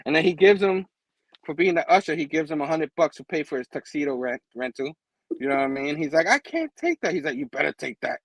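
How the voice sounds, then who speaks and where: A man casually recapping a comic book, laughing often and acting out the characters in quick voices. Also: fairly high pitch, fairly even intonation, vocal fry, no echo, rough recording.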